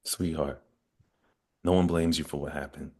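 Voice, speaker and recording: An actor playing a soft-spoken father who tries to calm his wife and comfort his grown daughter. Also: very deep voice, normal speed. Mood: soothing. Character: father, older man, gentle and soothing. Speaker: Anna's father.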